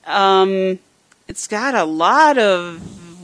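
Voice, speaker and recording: A female co-host chats through a Bible study show in a mid-pitched voice. She laughs often and hesitates with fillers. Her voice is dry and close. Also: lively intonation, drawn-out words, dry recording. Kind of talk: casual Bible study chat.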